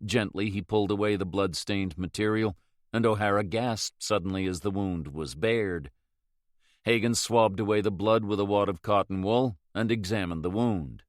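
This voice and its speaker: Male narrator, low and steady, dry close read. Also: moderate pace, dry recording. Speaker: audiobook narrator. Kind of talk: scripted narration.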